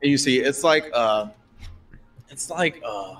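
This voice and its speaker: A man narrating as game master in a relaxed, casual way with many fillers. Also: mid-range voice, slow, distant mic, faint music behind. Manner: relaxed, filler-heavy, laughs often.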